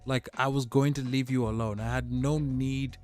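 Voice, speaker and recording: A weary, laid-back cop, as a streamer puts him on, sounding flat and exasperated in a smooth mid-range voice. He talks plainly, as if the whole thing is a waste of his day. Soft music runs behind. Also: mid-range voice, moderate pace, natural voice. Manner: weary and matter-of-fact.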